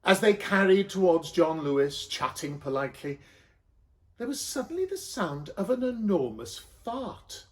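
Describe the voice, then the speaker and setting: A Welsh man reads a cheeky comic story aloud. His voice sits fairly high for a man. He delivers it with a playful, mischievous manner. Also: sing-song, unhurried. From Wales.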